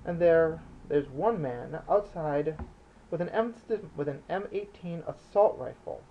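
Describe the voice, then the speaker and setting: A cold, calculating smuggler, as a man reads him aloud, laying out his terms in a calm, precise and quietly threatening way. The voice is gravelly and sits a little high. It comes through a dull, lo-fi audiobook recording. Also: a little slow, a little hiss or hum. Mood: cold, controlled.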